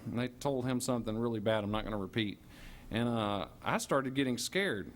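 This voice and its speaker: A man telling a personal story in a lively way, stammering and restarting as he goes. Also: medium pitch, normal speed, a little hiss or hum. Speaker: storyteller giving a testimony.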